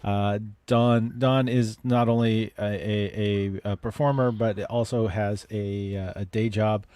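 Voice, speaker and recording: A man's voice: on the low side, steady tone, measured pace, darkish tone, clean tone, no echo. A man hosting a casual live chat show over a video call, joking and tripping over his restarts. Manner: jokey, stumbling over restarts. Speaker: show host.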